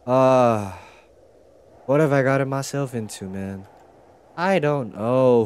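A young man playing a horror game on stream, swearing often and reacting out loud to what happens. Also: mid-range voice, takes it slowly, long pauses, clean tone. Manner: swears a lot, reacts loudly. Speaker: gaming YouTuber. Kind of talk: horror game let's play commentary.

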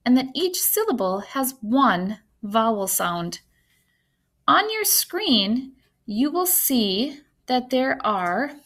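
A woman teacher giving an online phonics lesson to young children, speaking slowly and clearly and sounding out words with encouragement. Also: a little high, a bit bright.

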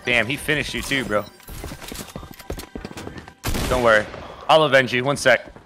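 A man's voice: mid-range voice, unhurried, noisy background. A young man gaming over voice chat, teasing his friends and swearing freely. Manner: swears a lot, teasing and rowdy. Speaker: streamer.

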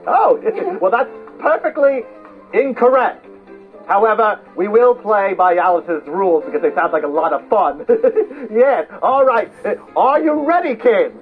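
A giggling, scatterbrained Mad Hatter, with a high voice that swoops wildly between notes and an unhurried pace. He sounds fussy and eccentric. It comes through a tinny, lo-fi recording with faint music behind. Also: animated. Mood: giggly. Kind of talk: theme-park character show with children.

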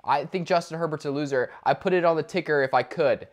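A man's voice: fairly high pitch, fast. A man co-hosting a sports podcast, ranting in casual talk with lots of restarts. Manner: animated ranting, many restarts and fillers. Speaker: podcast co-host.

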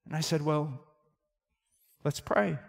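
A man preaching a sermon, telling a story quietly and then rising to loud, fervent shouts. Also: on the high side, takes it slowly, creaky. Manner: storytelling, swings from hushed to shouting. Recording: reverberant hall.

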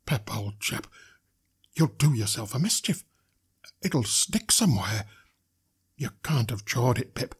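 A man voicing a simple, kindly blacksmith who talks slowly and earnestly. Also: medium pitch, lively intonation, husky. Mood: earnest worry. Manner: slow, earnest, homely speech. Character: simple gentle blacksmith, kindly, slow-spoken.

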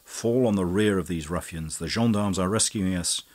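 A man's voice: deep voice, moderate pace, a little mellow. A man reading a hot-blooded young poet's lines in a rousing, impetuous way. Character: fiery young male poet, hot-blooded.

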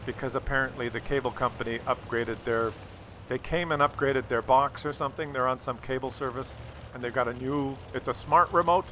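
This man, a gaming creator, recounts a funny family story as he plays, lively and voicing the people in it. His medium-pitched voice moves fairly quickly, and there's a little hiss or hum on the recording.

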